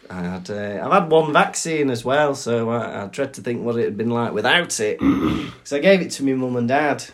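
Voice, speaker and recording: Podcast co-host: young man, mid-pitched, casual and anecdotal. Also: lively intonation, moderate pace. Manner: chatty storyteller, mimics others in his anecdotes. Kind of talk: casual chat.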